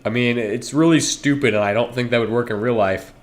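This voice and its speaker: A man's voice: medium pitch, brisk, soft background music. Guy streaming a game, rambles on, keeps cutting himself off and talking to chat. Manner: rambling, self-interrupting, talks straight to chat.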